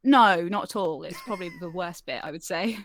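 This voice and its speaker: A woman's voice: fairly low pitch, expressive, fairly quick, a crowd in the background. A woman, telling a self-deprecating story in casual chat over an online call, full of "like"s and fillers. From near Leicester, England. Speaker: guest storyteller on a live-streamed chat show. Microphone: home microphone over an online call.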